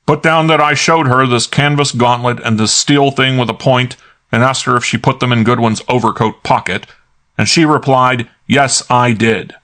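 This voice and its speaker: A man voicing a gruff, hot-tempered middle-aged police inspector in an audiobook, clipped and barking. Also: mid-range voice, steady tone, moderate pace, fairly bright tone, pitched above the performer's own voice, lightly acted. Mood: interrogating. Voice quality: barking, clipped, jaw-clenched delivery. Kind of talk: audiobook character voice.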